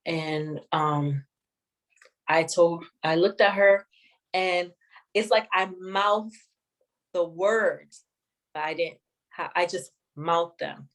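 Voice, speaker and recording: A woman sharing a personal testimony in an interview, speaking in a measured, reflective way with many pauses. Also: lowish voice, rough recording. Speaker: guest sharing her testimony.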